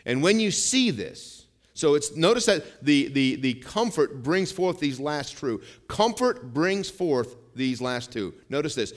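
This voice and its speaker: This middle-aged pastor's voice runs a little high and swings widely in pitch as he preaches a chatty sermon. He fills it with asides and rhetorical questions, slowing and swelling whenever he reads from scripture.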